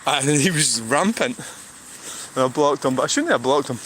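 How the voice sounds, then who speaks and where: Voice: mid-range voice, expressive, moderate pace, a bit bright, slight background noise. A speaker with a Scottish accent, rambling and sighing through a walking livestream outdoors beside a road. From Scotland. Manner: rambling, sighing, restarts thoughts. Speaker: vlogger.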